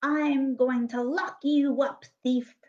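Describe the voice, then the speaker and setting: A woman's voice: sits high, steady tone, a little mellow. A woman doing a bossy wicked witch. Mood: angry. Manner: scolding, drawn-out calls. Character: wicked old female witch, cross and bossy. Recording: dull lo-fi recording.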